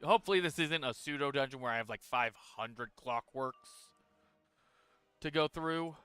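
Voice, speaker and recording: A man narrates his moves in a video game as he streams it, in a relaxed, casual way and a little tired. His voice is bright and crisp. The sound is close and dry, with no room echo. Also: medium pitch, normal speed, faint music behind. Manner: relaxed, talks through his moves while playing. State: tired, yawning. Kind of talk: casual gameplay commentary.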